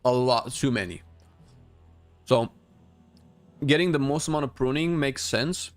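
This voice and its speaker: A man's voice: mid-range voice, unhurried, dry recording, soft background music. A man streaming a game, chatting casually with viewers and giving blunt opinions while thinking aloud with frequent restarts. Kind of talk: casual live-stream commentary answering chat.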